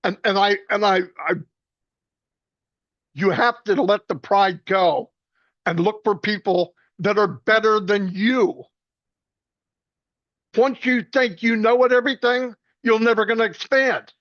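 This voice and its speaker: A man with a high voice tells loose, joking stories about his friends, stumbling and restarting as he goes. The sound is dry and a little dull, like a low-grade recording. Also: a bit bright, no room sound. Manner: rambling, joking, quick restarts. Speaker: speaker at a celebration. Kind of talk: casual storytelling tribute.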